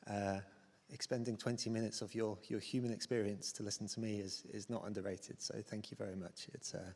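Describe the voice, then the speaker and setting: A man's voice: fairly low pitch, little pitch movement, fairly quick, darkish tone. A British man in his thirties giving a self-deprecating, chatty conference talk with plenty of fillers and restarts. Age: 30s. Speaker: conference speaker. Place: large conference hall on stage. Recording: hall reverb from a stage mic.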